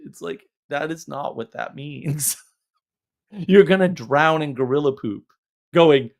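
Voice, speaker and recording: A man hosting a casual livestream, talking in an animated, exasperated, rambling way with frequent laughs. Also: fairly high pitch, unhurried. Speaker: livestream host.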